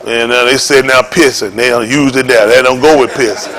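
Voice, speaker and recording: A man preaching an informal sermon to his congregation in a folksy, joking way that rises to shouts. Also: mid-range voice, quick pace, hardly any pauses. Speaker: congregation leader.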